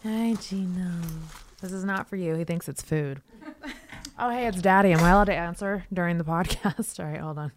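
A woman's voice: fairly low pitch, normal speed, a little hiss or hum. Foul-mouthed woman podcast host. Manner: crude, swearing, laughing often. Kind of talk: casual podcast chat and read ad.

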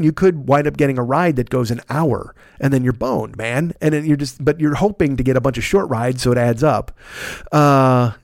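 A middle-aged man hosts a podcast, recorded cleanly in a studio with no echo, his mid-range voice slightly mellow. Worn out and recovering from illness, he tells a long, rambling story in a casual, profane, self-deprecating style.

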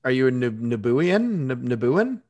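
A man's voice: mid-range voice, big pitch swings, normal speed, darkish tone, lo-fi sound. A man co-hosting a podcast, offhand and sarcastic, swearing casually. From Boston area. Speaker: podcast co-host.

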